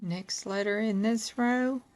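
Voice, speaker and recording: A woman from Kentucky reading letters off a board one at a time, patiently asking questions and laughing softly now and then. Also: medium pitch, steady tone, takes it slowly.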